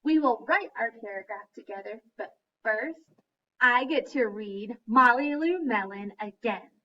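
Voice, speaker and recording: A woman teacher giving a lesson to young children, speaking slowly and clearly and chanting in a sing-song voice. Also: a little high, lively intonation, pushed and bright, far from the mic, muffled recording. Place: classroom.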